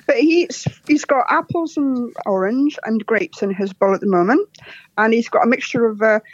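A woman from Scotland with a soft, posh Scottish accent, chatting as a podcast guest, laughing often and telling jokes. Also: fairly high pitch, normal speed, slightly rough, no echo, dull audio. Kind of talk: casual interview chat.

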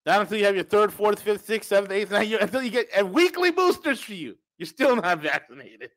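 Sarcastic guy ranting over news on his podcast, pretty high voice. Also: lively intonation, brisk, a bit bright. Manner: sarcastic, mocking. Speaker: podcast co-host. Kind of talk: casual ranting commentary.

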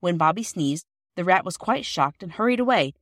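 A woman reading a classic children's novel aloud, clear and even. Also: on the low side, normal speed, no echo, studio quality. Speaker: audiobook reader. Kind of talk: scripted storybook narration.

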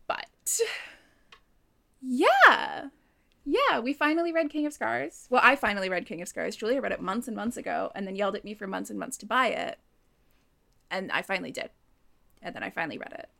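A woman's voice: mid-range voice, big pitch swings, moderate pace, vocal fry, long pauses, sharp tone. A young woman co-hosting a podcast in casual chat, laughing and swearing as she talks. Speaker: podcast co-host.

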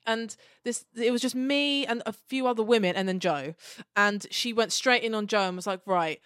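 A woman hosting a podcast, telling stories in an animated, laughing way. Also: fairly high pitch, normal speed, clean tone, no room sound, studio quality. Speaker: podcast host. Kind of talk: casual podcast chat.

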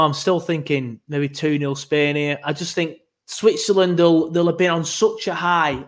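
A man talking football in a relaxed, hesitant way on a casual podcast. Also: a little high. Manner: laid-back, hesitant, many fillers. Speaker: podcast co-host.

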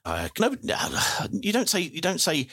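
A man's voice: high-pitched, huge pitch swings, normal speed, a bit bright, husky, no room sound, clean studio sound. A man with an English accent hosting a podcast, reading out listener messages in a jokey, chatty way. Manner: jokey, chatty, wordplay asides. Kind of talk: casual chat.

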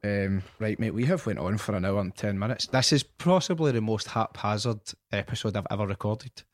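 This Scottish podcast host has a lowish voice and talks a little fast over a dry recording. He chats casually, swearing freely as he tells plenty of stories.

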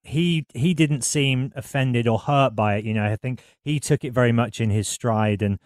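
A man hosts a relaxed chat, heaping admiration on his guest in long, rambling sentences full of fillers. His voice sits mid-range for a man. The sound is close and dry. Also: mid-range voice, normal speed, no echo. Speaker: host. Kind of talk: casual interview chat.

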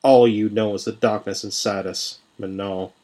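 A man voicing a cruel, scheming male villain who taunts his prisoners slowly and quietly. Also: fairly even intonation, natural voice. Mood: gloating. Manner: slow, low, hushed taunting.

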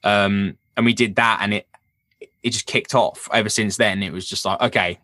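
Drummer telling lively road stories. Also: male voice, fairly low pitch, moderate pace, dry recording. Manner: animated storyteller, swears freely, acts out quotes. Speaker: touring rock drummer, guest. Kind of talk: casual interview chat.

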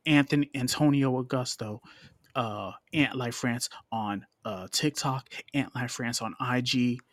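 A man's voice: mid-range voice, a little slow, a bit bright, no echo. Guy hosting a podcast, rambles and stumbles over his words, mid voice, dry close mic. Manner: rambling, stammering restarts. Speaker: podcast host. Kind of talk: casual chat.

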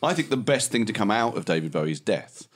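A man's voice: lowish voice, big pitch swings, fairly quick. A middle-aged man from Britain hosting a podcast, chatting casually and self-deprecatingly, often laughing. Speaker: podcast host. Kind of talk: casual chat.

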